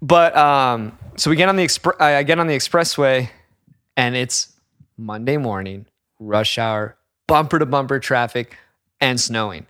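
A young man telling a story in casual chat, animated and profane, acting out the people in it. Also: medium pitch, a little slow, smooth, no room sound, clean studio sound.

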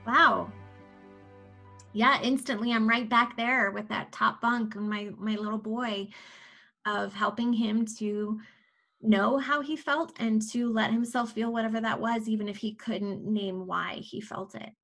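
A woman in her forties with a fairly high voice speaks softly and reflectively. She tells a personal story as a podcast guest, often restarting her sentences as she gathers her thoughts. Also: steady tone, unhurried, soft background music. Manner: soft-spoken, reflective, with frequent restarts. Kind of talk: candid conversational storytelling.

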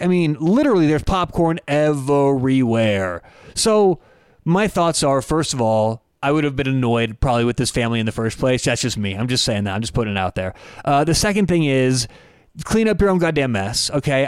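A man's voice: fairly high pitch, clean tone, no room sound, studio quality. A young man hosting a sports betting podcast, giving blunt, rambling, opinionated solo commentary.

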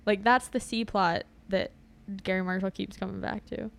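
A woman with a gravelly edge in her voice chats through a movie recap. Her pitch sits in the middle, and she talks in a wry, loose way, breaking into laughs. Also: steady tone, normal speed. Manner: chatty, wry, laughs often. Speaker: podcast co-host. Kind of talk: casual movie recap chat.

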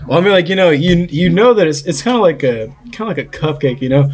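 A man's voice: on the high side, animated, fast talker, a little mellow. A young man in casual podcast chat, telling a long story full of fillers and restarts. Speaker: podcast host.

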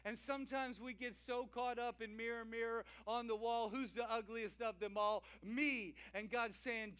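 High-voiced Cajun pastor preaching. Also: male voice, moderate pace, hardly any pauses, smooth. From Louisiana. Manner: lively, call-and-response preaching with jokes. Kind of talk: sermon. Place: church.

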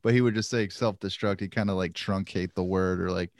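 A man's voice: deep voice, steady tone, fairly quick, no room sound, clean studio sound. A man co-hosting a casual podcast, rambling and joking as he talks. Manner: rambling, joking, full of fillers. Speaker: podcast co-host. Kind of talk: casual chat.

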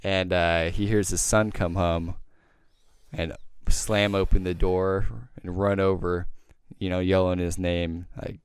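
A podcast host telling a story in casual chat, rambling and swearing often. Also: male voice, deep voice, level tone, slow pace, clear, resonant tone, dry recording, clean studio sound. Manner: rambling, profane, heavy filler words.

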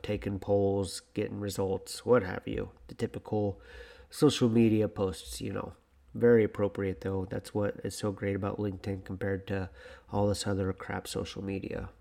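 A man's voice: lowish voice, gravelly, dark tone. A young man hosting his own podcast, talking alone in a rambling, self-deprecating way. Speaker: podcast host. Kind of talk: casual solo podcast monologue.

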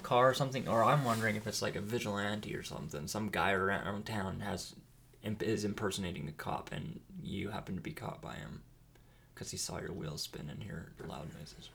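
A man's voice: fairly low pitch, brisk, vocal fry, fairly bright tone, slight background noise. A young man hosting a podcast, chatting casually and rambling with frequent restarts. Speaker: podcast host. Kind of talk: casual chat.

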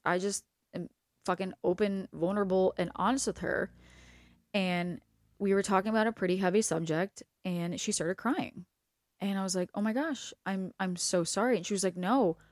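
A young adult woman hosts a casual advice talk as a hair stylist. She is blunt, candid and profane. Her voice sits a little low, and the recording is dry with no room sound. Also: no room sound. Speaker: podcast host and hair stylist.

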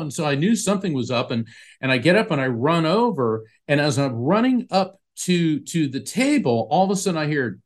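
A man's voice: on the high side, sing-song, a little fast. A man, an author being interviewed, telling a personal story in an earnest, emotional way with frequent restarts. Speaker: author and podcast guest.

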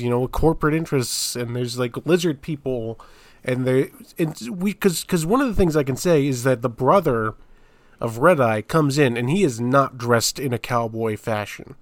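A man co-hosting a podcast, discussing a movie in casual chat with deadpan, dry jokes. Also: medium pitch, no echo. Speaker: podcast co-host.

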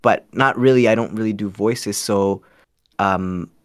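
A man's voice: fairly low pitch, unhurried, clear, resonant tone, no room sound, studio quality. A man from Canada, a podcast guest, talking in a laid-back, rambling, self-deprecating way. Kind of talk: casual podcast chat.

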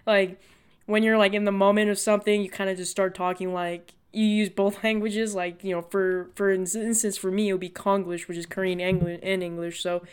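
A man's voice: high voice, flat delivery, brisk, smooth. A young man hosting his own podcast, talking in a loose, rambling monologue full of "like" and "you know.". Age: young adult. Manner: chatty, heavy on "like" and "you know" fillers. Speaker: podcast host. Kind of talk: casual solo podcast monologue.

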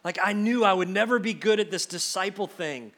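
A man voicing an anxious, ashamed adult male disciple, talking to himself in hurried, self-mocking bursts. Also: sits high, a bit bright.

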